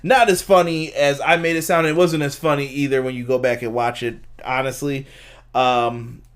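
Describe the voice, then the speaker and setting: A man's voice: medium pitch, normal speed, clean tone. A man hosting a casual live-streamed wrestling review, recapping matches and reacting to chat. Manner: animated recapper who acts out quotes and laughs at chat. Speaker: wrestling review podcast host.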